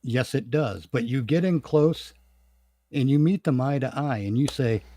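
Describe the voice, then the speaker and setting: A man's voice: medium pitch, moderate pace, background noise. A man hosting a casual podcast chat, ranting bluntly and swearing freely. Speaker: podcast host.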